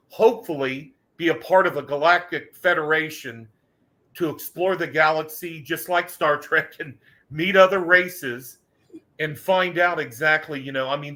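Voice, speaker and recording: Bright-voiced older man, earnest rambling talk. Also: on the high side. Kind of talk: casual podcast conversation.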